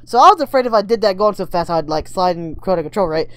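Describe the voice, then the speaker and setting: Fast, rambling story-time woman. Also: mid-range voice, lively intonation, dry recording. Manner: rambling, full of "like" and "right?". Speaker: vlogger. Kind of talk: casual story-time vlog.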